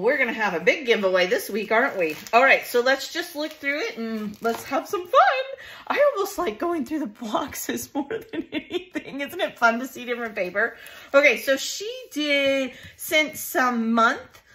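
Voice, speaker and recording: A woman's voice: high voice, expressive, normal speed, a bit bright. A woman vlogger unboxing scrapbooking supplies at her craft desk, gushing and emotional, laughing often in casual chat.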